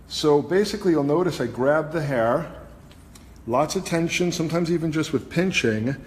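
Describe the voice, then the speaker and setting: A man, a hairstylist and host, chatting as he teaches a live haircut demonstration and explains each step. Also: fairly high pitch. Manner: chatty, explains steps as he cuts. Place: hair salon studio. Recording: echoey salon with long reverb, faint ambience.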